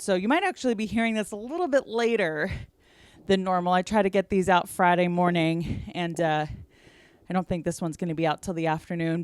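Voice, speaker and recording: A woman's voice: medium pitch, clean tone, dry recording, studio quality. A woman hosting a podcast, chatting casually with many fillers and a little out of breath. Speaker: podcast host.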